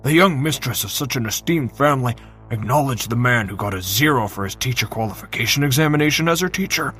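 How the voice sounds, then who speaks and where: A man's voice: medium pitch, expressive, fast talker, fairly bright tone, faint music behind, lightly acted. A man voicing an arrogant, scornful male academy teacher in a fantasy audiobook, sneering and incredulous. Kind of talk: audiobook character reading.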